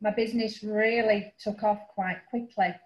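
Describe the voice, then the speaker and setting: A woman's voice: medium pitch, steady tone. A middle-aged woman with a Yorkshire accent, a finance broker talking casually about her background, with frequent ums. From northern England. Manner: chatty, frequent um fillers, quick asides. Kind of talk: casual webinar presentation. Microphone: video call. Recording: roomy, dull lo-fi call audio.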